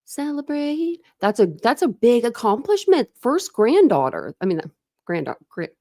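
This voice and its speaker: A woman's voice: on the high side, sing-song, moderate pace, warm tone, no echo, clean studio sound. A woman in her thirties hosting a casual true crime livestream, chatting and greeting viewers by name.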